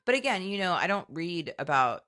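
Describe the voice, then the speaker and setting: Low-pitched woman in her forties, podcast co-host, lively storyteller who acts out quotes. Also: brisk. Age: 40s. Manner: animated storytelling, acting out voices in quotes. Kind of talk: casual chat.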